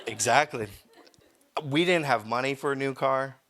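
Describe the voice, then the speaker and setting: A man's voice: medium pitch, normal speed, fairly bright tone. A young adult man, a pastor, telling a personal story in a sermon, rambling and cutting himself off mid-sentence. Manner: rambling, self-interrupting storyteller. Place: church.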